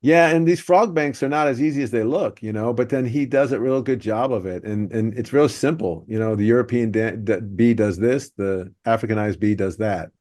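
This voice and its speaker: A man's voice: mid-range voice, moderate pace, hardly any pauses, darkish tone, dry recording, clean studio sound. A man hosting a podcast, breaking down how jokes are built. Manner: analytical, explaining joke structure. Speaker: podcast host. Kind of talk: podcast discussion.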